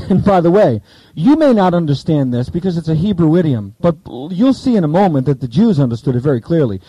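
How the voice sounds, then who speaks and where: Brief: male preacher, high and very lively pitch, mellow dark tone, jokey asides, dry close sound. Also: fairly quick, husky, no room sound, muffled recording. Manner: animated and joking, with asides. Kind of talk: sermon with Bible reading.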